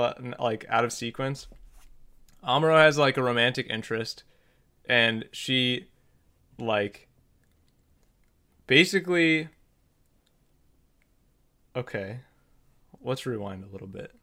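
A man chatting on a podcast, retelling a film with excited energy and plenty of "like" and "uh." His voice is bright and smooth, and he jumps into the characters' lines as he goes. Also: medium pitch. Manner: animated, many fillers, acts out characters' lines. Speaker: podcast co-host. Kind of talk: casual chat recapping a film.

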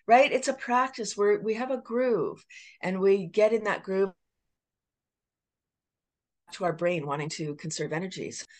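A woman with a Canadian accent, a laughter coach chatting as a guest, animated and laughing often as she acts out little voices. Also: medium pitch, unhurried, long pauses. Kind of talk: casual podcast interview.

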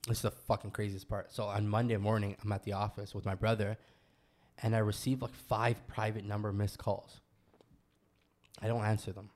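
Low, flat-voiced young man telling a story. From Canada. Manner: loose storytelling, heavy slang and swearing. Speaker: guest telling his story. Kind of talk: casual podcast chat.

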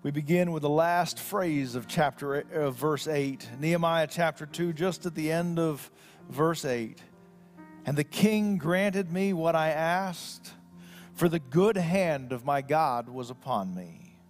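A man preaching a sermon. He reads scripture slowly and solemnly, then talks in a conversational way with restarts. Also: on the high side, faint music behind. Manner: slow solemn scripture reading. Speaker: pastor.

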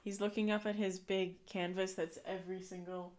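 A woman's voice: mid-range voice, level tone, moderate pace, a little mellow. Playful woman in casual podcast chat. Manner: playful, laughs easily. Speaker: podcast co-host.

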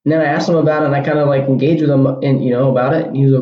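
A male podcast host speeds through a casual solo episode at a very fast clip, hardly pausing, his medium-pitched voice fairly even in intonation. He rambles, repeating and restarting often, and the lo-fi recording sounds dull in an echoey room.

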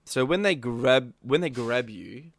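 A male podcast co-host, telling an animated story in casual chat and acting out quotes. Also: medium pitch, unhurried, no room sound, studio quality. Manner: animated storytelling, acts out quotes, laughs often.

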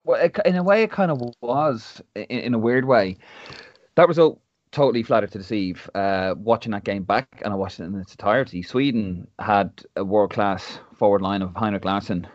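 Ranting Irish podcast host. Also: male voice, on the low side, moderate pace, no room sound. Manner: ranting, animated, mimics others. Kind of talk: casual podcast chat. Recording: dull lo-fi sound, dry.

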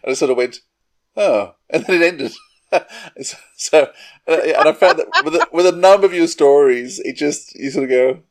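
A man's voice: fairly high pitch, brisk. Laughing, hesitant man hosting an interview. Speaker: interviewer host. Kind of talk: casual interview chat.

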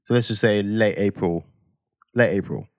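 A man, telling a personal story on a podcast in an animated, dramatic way with slang tags. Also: on the low side, normal speed, no room sound, studio quality. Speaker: podcast co-host. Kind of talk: casual storytelling chat.

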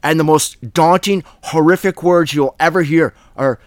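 A man's voice: fairly high pitch, normal speed, no echo, clean studio sound. A man hosting a Bible study, preaching in a blunt, fiery, plain-spoken way.

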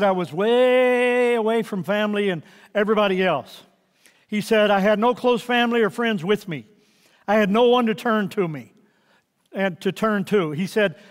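An older man preaching a sermon as pastor, earnest, sometimes dropping to a soft hush. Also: high-pitched, big-room sound.

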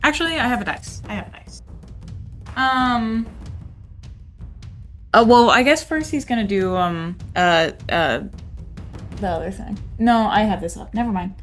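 A woman playing a tabletop game in a casual, hesitant way. Her pitch is middling and her pace slow, and she often stops to hunt for the next word. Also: fairly bright tone, soft background music. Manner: hesitant, with frequent ums and restarts. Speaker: player.

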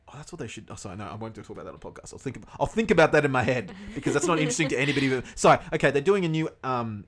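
Swearing constantly, a male podcast co-host veers into comic rants. His voice is mid-range and a bit bright.

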